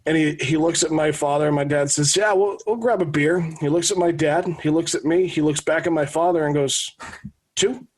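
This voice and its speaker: A man in his thirties from New England, co-hosting a sports podcast and telling anecdotes in a lively, casual way with frequent restarts. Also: a little high, brisk, hardly any pauses. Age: 30s. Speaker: podcast co-host.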